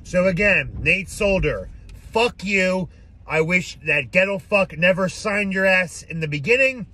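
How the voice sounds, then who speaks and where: A man delivers an angry, profanity-laden fan rant into his phone from inside a car. His voice is bright and forceful and a bit high for a man, and he drags the words out slowly. Faint car noise hums behind him. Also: expressive. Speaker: sports fan vlogger. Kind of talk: ranting fan vlog.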